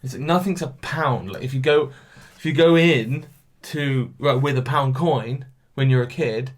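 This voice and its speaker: A man's voice: medium pitch, measured pace. Young man, chatty, self-mocking, solo podcast talk. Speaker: podcast host. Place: room alone with a camera. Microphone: camera.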